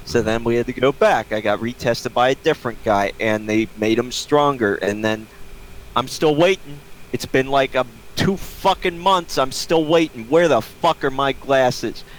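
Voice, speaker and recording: A man's voice: medium pitch, moderate pace, a little hiss or hum, poor audio. Profane ranting man on a video call. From Ohio, United States. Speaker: podcast co-host. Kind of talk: casual chat.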